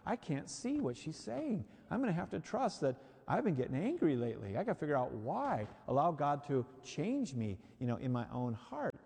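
A man's voice: on the high side, huge pitch swings, brisk, vocal fry, hardly any pauses, darkish tone, breathy edge. A man preaching a sermon who acts out the reactions he quotes. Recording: hall reverb.

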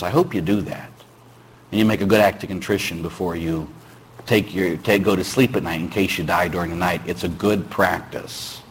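A male Catholic priest giving a sermon in a conversational, joking way, with rhetorical questions and sudden shouted bursts. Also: on the low side, slightly rough. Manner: bursts into shouting when acting out stories.

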